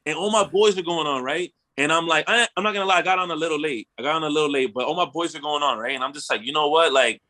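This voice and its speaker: Casting: young male podcast host, high and bright, animated slangy storyteller who swears freely. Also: fast talker, hardly any pauses. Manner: animated storyteller, slangy, swears, acts out his own quotes. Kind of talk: casual storytelling chat.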